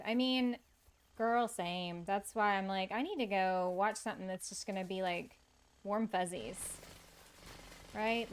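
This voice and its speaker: A woman streaming a cozy game, chatting casually with her viewers and laughing often. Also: mid-range voice. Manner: chatty, laughs often, reads and answers chat. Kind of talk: casual gaming stream chat.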